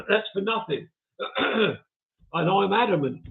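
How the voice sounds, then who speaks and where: A chatty man hosts a casual live stream, reading out viewer comments and chuckling at his own expense. His voice sits a little high and has a gravelly edge. The sound is thin and tinny, like a phone line. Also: lively intonation, slow. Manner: chatty, chuckles often, self-mocking.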